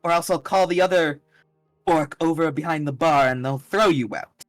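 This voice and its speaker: A man's voice: on the high side, no room sound, soft background music, close to an everyday voice. A man voicing a stern female artificer boss. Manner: brisk, curt, orders people about.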